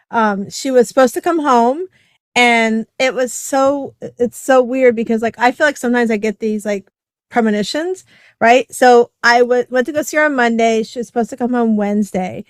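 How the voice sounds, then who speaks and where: A woman's voice: on the high side, no echo. Chatty middle-aged woman telling a story. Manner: chatty, heavy use of "like" and "right?". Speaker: podcast guest. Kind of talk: casual conversational storytelling.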